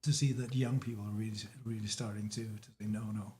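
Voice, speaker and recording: A man from Denmark with a Danish accent, talking as a guest in a casual chat, halting with many restarts and fillers. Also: lowish voice, fairly even intonation, dark tone, a little hiss or hum.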